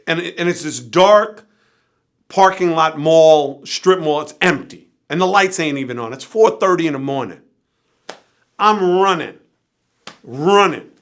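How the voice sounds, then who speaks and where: A man as an interview guest, telling a wild, profane anecdote with animated energy that drops at times to a low, tired murmur. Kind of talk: storytelling in an interview.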